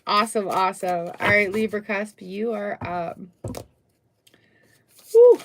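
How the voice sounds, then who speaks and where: A woman's voice: mid-range voice, fairly even intonation, moderate pace, bright, forceful tone, slight background noise. A middle-aged woman doing a casual, chatty tarot reading on a live stream, full of upbeat exclamations. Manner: chatty, upbeat, exclamations and little sung bits.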